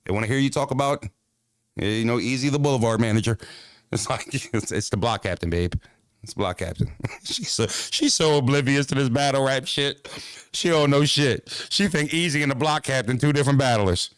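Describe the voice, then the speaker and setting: A man talking straight to camera in a loose, joking monologue, cursing freely and rambling from one thought to the next. His voice sits at an ordinary middle pitch, and the sound is dry and close. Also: normal speed, smooth, no room sound. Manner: profane, joking, rambling, laughs often. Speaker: vlogger. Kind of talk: casual comedic monologue.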